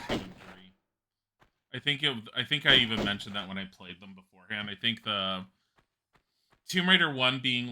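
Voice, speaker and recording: A man's voice: fairly low pitch, noisy background. A man streaming a video game live, rambling and chatty in casual commentary, laughing often and swearing casually.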